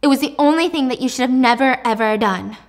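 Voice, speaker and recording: A woman's voice: high voice, quick pace, long reverb tail, pitched above the performer's own voice. A woman voicing a heartbroken grown daughter who angrily accuses her mother. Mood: anguished. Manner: emotional, accusing.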